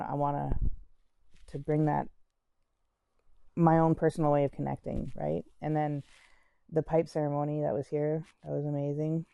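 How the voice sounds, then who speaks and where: A woman's voice: sits low, creaky, warm tone, no echo, highs cut off. A woman candidly telling her own life story in a conversational way, full of restarts and "like". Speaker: interviewee sharing her story. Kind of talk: personal storytelling.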